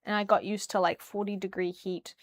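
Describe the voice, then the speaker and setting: A woman's voice: medium pitch, level tone, fairly quick. A young woman from New Zealand chatting casually on a livestream while tidying her room, rambling and humming to herself. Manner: rambling, chatty, hums and sings nonsense syllables while tidying. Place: her bedroom.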